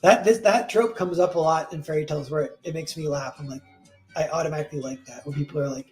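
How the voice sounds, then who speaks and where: With soft music in the background, a man casually retells a fairy tale, rambling and correcting himself, saying "like" constantly. His voice is a little high and fast, with a darkish tone.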